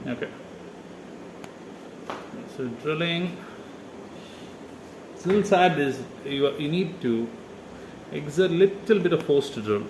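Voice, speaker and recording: A man's voice: a little high, animated, unhurried, long pauses, background noise. A man casually explaining, step by step, how he drills into a wall, with many hesitant "uh" fillers. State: slightly out of breath. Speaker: DIY video maker. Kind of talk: casual how-to narration while working.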